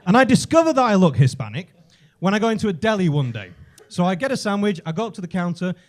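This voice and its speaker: An English man doing a stand-up comedy set on a club stage, telling stories full of swearing and shouting out the punchlines. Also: high voice, fast talker. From England. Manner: profane, animated storytelling with shouted punchlines.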